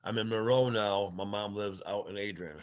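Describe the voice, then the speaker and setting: A man from Michigan, a client at a reading, giving short, quiet answers. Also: on the low side, steady tone, moderate pace, muffled recording. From Michigan, USA.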